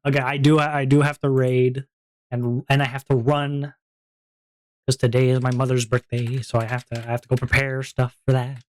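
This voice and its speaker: A streamer ending a casual live stream, rambling with many fillers and plenty of giggling. The voice sits at a middle pitch, and the talk stays loose and unscripted. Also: little pitch movement, moderate pace.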